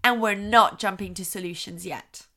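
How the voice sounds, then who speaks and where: A woman's voice: mid-range voice, moderate pace. A woman hosting a parenting podcast, explaining advice and acting out short voice examples. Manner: expressive, acts out soothing and frustrated voices as examples.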